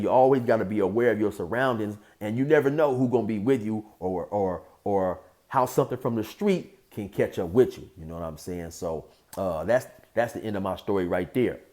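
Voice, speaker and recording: A man's voice: fairly low pitch, a little mellow. A man telling a story casually as a YouTube storyteller, in a laid-back, streetwise way with lots of "you know".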